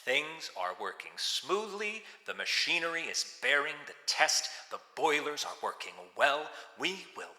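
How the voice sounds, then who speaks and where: A man's voice: a little high, very animated, measured pace, hardly any pauses, sharp tone, voice pushed up, exaggerated voice. A man playing a dictatorial, boastful shipping magnate, with an American accent and an assertive, commanding manner. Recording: roomy echo with long reverb.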